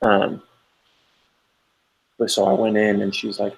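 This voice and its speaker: A man's voice: on the low side, unhurried, vocal fry, slight background noise, poor audio. A man in his thirties, a podcast co-host, telling stories in casual chat and acting out quoted lines. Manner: animated storyteller, acts out quoted lines loudly.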